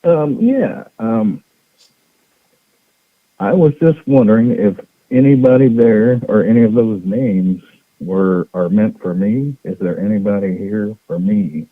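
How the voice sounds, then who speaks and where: A man's voice: lowish voice, a little slow, no room sound. A man calling in to a radio show, asking questions politely and hesitantly. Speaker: caller. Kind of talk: casual radio show chat. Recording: tinny phone line.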